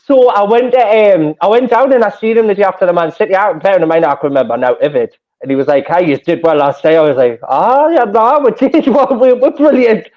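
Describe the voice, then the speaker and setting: A man with a Geordie accent, a football fan gushing excitedly in a casual chat, laughing often. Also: on the high side, fast talker, hardly any pauses. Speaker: fan panelist. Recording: muffled lo-fi audio.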